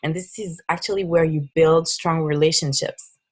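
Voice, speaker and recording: A woman's voice: low-pitched, steady tone, normal speed, breathy edge. Upbeat woman with a French accent. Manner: upbeat, persuasive, with frequent restarts. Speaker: fitness business coach. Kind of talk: casual recruiting presentation.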